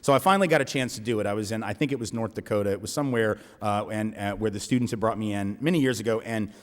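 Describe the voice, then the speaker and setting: A man's voice: lowish voice, very fast. Man telling a story in an echoey hall. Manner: conversational, many restarts and tag questions. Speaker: speaker at a college event. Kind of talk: storytelling lecture to a live audience. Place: large lecture hall.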